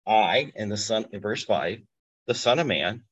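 A man's voice: lowish voice, lively intonation, measured pace, a bit bright, husky, dull audio. A man preaching a sermon in a conversational way, explaining scripture and checking in with "okay?".

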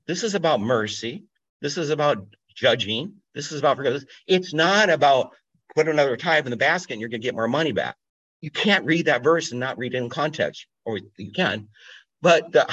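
A man's voice: medium pitch, fairly bright tone. Man teaching the Bible informally, muffled. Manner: informal, thinks aloud, asks listeners to think. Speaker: pastor. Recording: dull lo-fi audio.

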